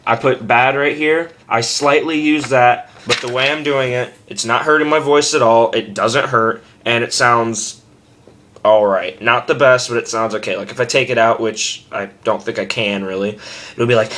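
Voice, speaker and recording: Brief: young guy, home webcam tutorial, offhand and self-mocking, breaks into harsh screams. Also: medium pitch. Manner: rambling, self-deprecating, with loud demo screams. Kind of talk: casual vlog tutorial.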